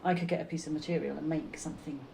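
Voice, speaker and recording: Low gravelly-voiced woman reminiscing fondly. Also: fairly even intonation, noisy background. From Britain. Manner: fond, reflective, halting with restarts. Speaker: interviewee, the artist's mother. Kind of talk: casual reminiscing conversation.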